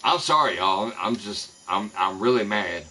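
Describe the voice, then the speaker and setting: Man ranting, heated and bright-voiced. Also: lowish voice, expressive, measured pace, poor audio. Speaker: live streamer. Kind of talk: angry live-stream rant. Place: home in the American Midwest.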